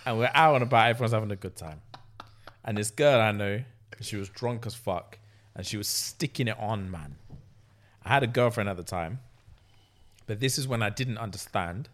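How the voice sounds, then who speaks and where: A man's voice: lowish voice, normal speed, long pauses, fairly bright tone. A young man telling a story in casual podcast chat, acting out quotes and swearing freely. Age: young adult. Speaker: podcast co-host.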